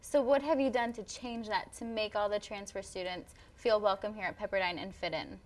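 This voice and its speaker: A woman's voice: mid-range voice, a little fast. A young woman hosting a student talk show, chatty and playful as she interviews and introduces guests.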